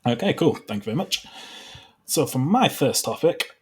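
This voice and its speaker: A man's voice: mid-range voice, sing-song, moderate pace, breathy edge. A man from Britain co-hosting a podcast live, chatting casually with a wry, sarcastic humor and frequent laughs. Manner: wry, sarcastic, laughs through his lines. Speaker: podcast co-host. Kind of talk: casual chat. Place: live online podcast recording.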